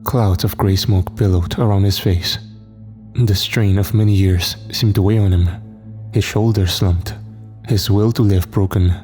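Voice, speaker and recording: A man narrating a scripted horror story in a steady, somber way. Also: low-pitched, unhurried, faint music behind.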